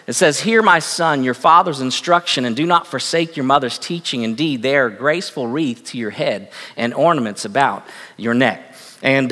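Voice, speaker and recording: A man preaching a sermon in a bright, forceful voice that rings through a church hall with a long reverb. He is emphatic and drives his points home by repeating key phrases. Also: on the high side.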